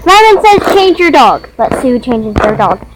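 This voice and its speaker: A young woman casually commenting while playing a game, excitable and giggly. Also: sits high, background noise. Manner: excitable, giggly, slow and drawn-out. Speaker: game player.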